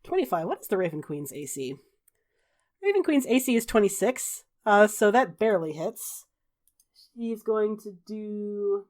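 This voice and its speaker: A woman running a tabletop game as game master, narrating and calling the rules briskly with offhand fillers. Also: medium pitch, a little mellow.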